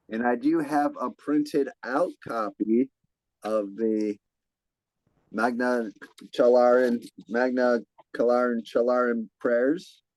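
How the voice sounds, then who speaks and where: A man's voice: medium pitch, darkish tone, no room sound, rough recording. A young man hosting a casual podcast from home, upbeat and laughing often, sometimes stumbling over his words. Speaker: podcast host.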